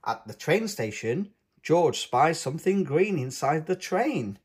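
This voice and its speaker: A man reading a children's picture book aloud in an expressive way. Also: on the high side, slightly rough. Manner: slow, expressive and lively. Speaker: storybook reader. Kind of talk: children's read-aloud narration.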